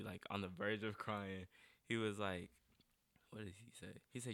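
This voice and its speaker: A young adult man from North Carolina appears as a guest artist in a casual interview, his voice fairly low and fairly bright at a normal speed in a dry recording. He talks earnestly and emotionally, using "like" heavily.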